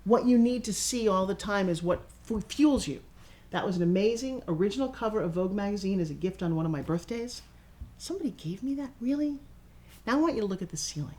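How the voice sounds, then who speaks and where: A woman in her fifties giving a casual walking tour of her studio, excitable and showy, talking straight to the camera. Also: mid-range voice, fast. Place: her own studio and offices, indoors.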